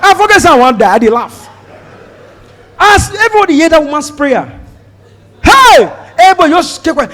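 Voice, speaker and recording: A Nigerian man performing a stand-up comedy set, telling a story and acting out shouted prayers. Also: very high voice, big pitch swings, brisk, long pauses. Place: comedy stage before a live audience. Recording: live show with crowd audible.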